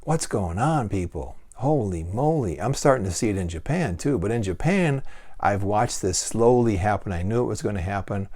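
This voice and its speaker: A man's voice: on the low side, lively intonation, moderate pace, darkish tone. A man talking straight to camera in a casual monologue, blunt and folksy, swearing freely and asking rhetorical questions. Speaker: vlogger giving life advice.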